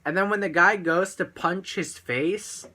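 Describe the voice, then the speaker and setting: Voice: mid-range voice, unhurried, pushed and bright. A video reviewer talking in a rambling, casual way, with many fillers and crude, offhand remarks.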